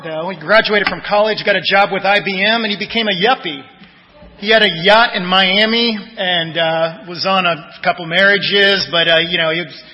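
A man pastor preaching a sermon in a conversational way, telling personal stories and letting his phrases trail off softly. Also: high voice. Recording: dull lo-fi audio with long church reverb.

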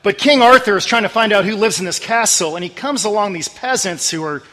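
A man preaching a sermon as pastor, talking conversationally and earnestly, dropping low and quiet on scripture verses. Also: fairly quick, long reverb tail.

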